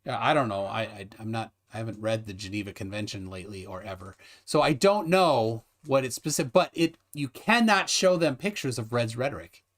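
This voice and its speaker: A man hosting a casual live stream, joking and rambling with lively, laughing delivery. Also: fairly low pitch, fairly quick. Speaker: livestream host. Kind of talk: casual livestream chat.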